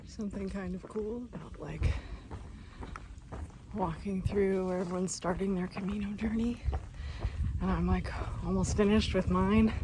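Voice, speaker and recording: Brief: upbeat woman hiker, casual phone vlog outdoors, steady noise behind. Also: mid-range voice. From North America. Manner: bubbly, giggly storytelling. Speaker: solo thru-hiker vlogger. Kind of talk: casual vlog chat while hiking. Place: outdoors on a trail.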